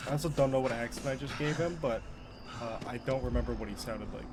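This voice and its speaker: A man's voice: medium pitch, quick pace. Chatty young man streaming a game. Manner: chatty, self-mocking, reacts aloud. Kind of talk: casual live game commentary.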